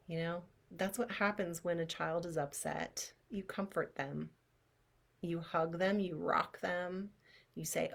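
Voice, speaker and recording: A woman with a low-pitched voice leads a guided energy-healing visualization. She talks in a chatty, expressive way and sometimes softens to near-whispers as she guides. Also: takes it slowly, gravelly. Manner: expressive, chatty, drops to soft near-whispers when guiding. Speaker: clairvoyant energy-healing teacher.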